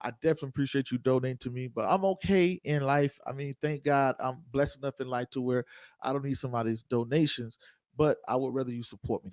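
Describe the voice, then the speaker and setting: A man's voice: medium pitch, darkish tone, no echo. A man hosting an investing livestream, talking loosely and joking with viewers, repeating his points. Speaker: host of investing show. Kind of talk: casual livestream talk.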